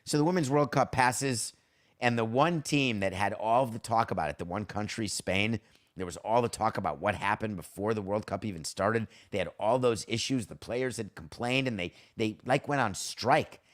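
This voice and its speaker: A man's voice: lowish voice, moderate pace. A middle-aged man hosting a sports podcast, talking in a blunt, wry, conversational way. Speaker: podcast host. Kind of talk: casual sports talk monologue.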